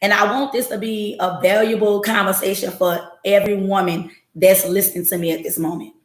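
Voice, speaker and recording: A woman's voice: mid-range voice, fairly even intonation, brisk, reverberant. A woman hosting a podcast on a livestream, telling her story bluntly and with profanity while talking straight to her chat. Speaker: podcast host. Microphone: home livestream setup.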